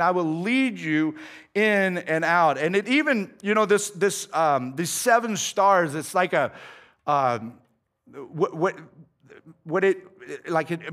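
A man's voice: sits high, fairly bright tone. A male pastor preaching a sermon in a casual, conversational way, often saying "man" and restarting his sentences.

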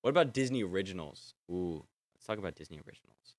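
A young man vlogging in a casual, rambling way, excitable and swearing freely as he trails off and restarts his sentences. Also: low-pitched, quick pace, dry recording. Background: faint film score playing.

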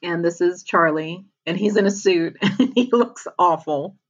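Chatty woman with a slightly low voice. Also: a little slow, highs cut off. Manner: chatty retelling, laughs often. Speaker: podcast co-host. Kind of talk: casual TV episode recap.

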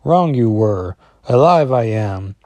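A man's voice: medium pitch, animated, slow pace, warm tone, no echo. A man voicing a scheming male werewolf who speaks with inverted word order while reading a comic aloud. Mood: gloating. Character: scheming male werewolf pack, odd backward speech.

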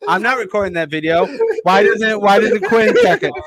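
A man's voice: sits high, lively intonation, moderate pace, crowd noise. A man in casual podcast chat, arguing his side defensively. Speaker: podcast co-host.

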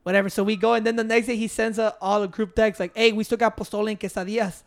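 A man's voice: high-pitched, flat delivery, quick pace, vocal fry. A man telling stories to friends in casual chat, swearing and mixing English and Spanish.

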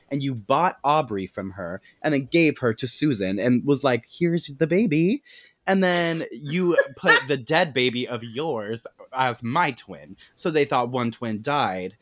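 A man voicing a brash, foul-mouthed young woman while recapping a movie, in a sassy, profane manner. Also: mid-range voice.

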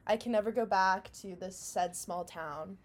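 A woman's voice: mid-range voice, normal speed. Young canadian woman on a chill podcast, jokey and self-mocking, laughs a lot. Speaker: podcast co-host. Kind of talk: casual chat.

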